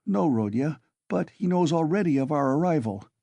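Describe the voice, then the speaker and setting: A fretful middle-aged mother, pleading and near tears, voiced by a man in an audiobook. Her lines sit well above the reader's own pitch. The recording is close and dry. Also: expressive, normal speed, vocal fry, warm tone, no room sound. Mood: anxious. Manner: pleading, tearful.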